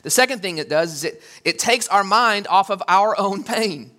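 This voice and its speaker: A male pastor preaching in a bright, ringing voice that sits a little high. He talks in an animated way and acts out little quotes with big leaps in pitch. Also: moderate pace. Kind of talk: sermon.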